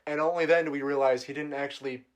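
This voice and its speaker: A man's voice: a little high, steady tone, fast talker. A man co-hosting a podcast in casual chat, laid-back and chuckling as he nitpicks film details. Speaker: podcast co-host. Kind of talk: casual movie recap chat.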